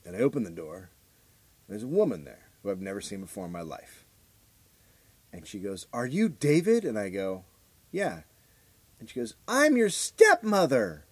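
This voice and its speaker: Male comedy podcast co-host: deadpan storyteller with a mid-range voice and plenty of swing, recorded dry. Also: on the low side, dry recording. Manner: deadpan storyteller who acts out the voices of the people in his stories.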